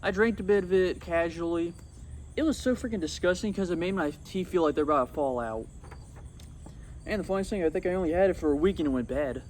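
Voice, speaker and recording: Young guy rambling into his phone outside, kinda high voice, bit of noise behind. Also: quick pace. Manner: rambling and excitable, swats at bugs. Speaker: YouTuber. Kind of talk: casual vlog commentary. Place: outdoors among insects.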